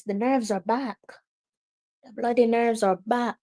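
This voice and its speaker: A woman with a Jamaican accent hosting a live football watch-along, excitable and exasperated, slipping into patois. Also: a little high, a little slow. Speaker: live stream host.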